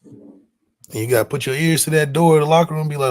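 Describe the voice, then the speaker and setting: A man hosting a casual sports talk show, speaking in a fairly high voice. He is emphatic and animated, using slang as he argues his points. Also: quick pace. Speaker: sports podcast host.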